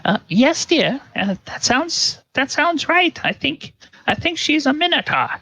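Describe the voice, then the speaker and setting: A man doing a shrill chattering farm wife. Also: big pitch swings, measured pace, sharp tone, exaggerated voice, poor audio. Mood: chatty. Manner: very high, chattering and hesitant. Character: fussy middle-aged farm wife.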